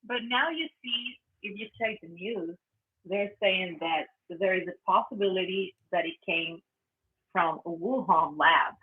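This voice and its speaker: A man guesting on an interview as a band member, talking in halting bursts with many fillers. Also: high-pitched. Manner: halting, full of fillers and restarts. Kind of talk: casual interview chat. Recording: tinny phone-like line.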